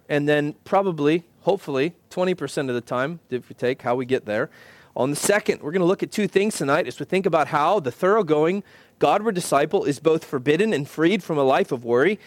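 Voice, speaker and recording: A pastor preaching a sermon in an earnest, measured way, slowing down to stress key phrases. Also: male voice, sits high, no room sound. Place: church.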